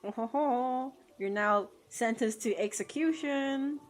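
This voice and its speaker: A woman voicing a smug villainous woman who passes sentence with a low, mocking chuckle. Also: slow, soft background music.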